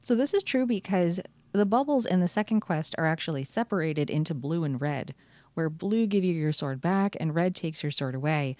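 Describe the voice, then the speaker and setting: A woman's voice: low-pitched, expressive, normal speed, a little mellow, no echo. A woman hosting her channel, chatting cheerfully through card packs with wry asides. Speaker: channel host. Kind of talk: casual card-opening commentary.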